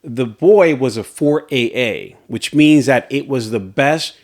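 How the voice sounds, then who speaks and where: Animated man telling stories, laughing often. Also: mid-range voice, a little slow. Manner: animated storyteller, laughs often, acts out reactions. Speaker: podcast co-host. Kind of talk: casual chat.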